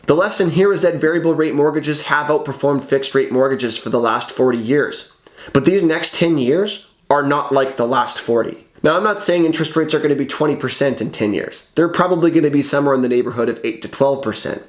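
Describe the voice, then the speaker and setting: A man's voice: on the high side, fairly quick. Confident man in an echoey room. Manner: confident, persuasive. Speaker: mortgage broker. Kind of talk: scripted explainer video. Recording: roomy echo, faint background music.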